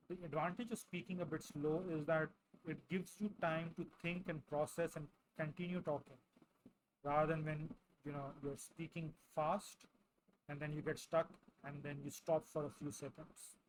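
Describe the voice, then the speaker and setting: A male English tutor with a slightly raised pitch talks his class through speaking answers. He goes slowly and carefully, and he often tags his points with a questioning "right?". Faint ambient sound sits behind him. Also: a little hiss or hum, rough recording. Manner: slow, deliberate delivery with frequent "right?" tags. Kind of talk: explaining and demonstrating speaking answers.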